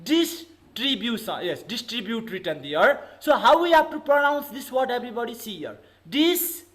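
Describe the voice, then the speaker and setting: A man's voice: extremely high pitch, lively intonation, normal speed, fairly bright tone, poor audio. A male English teacher with a Nepali accent, giving an online lesson and calling on the class over and over. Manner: repetitive, keeps calling on the class with okay and everybody.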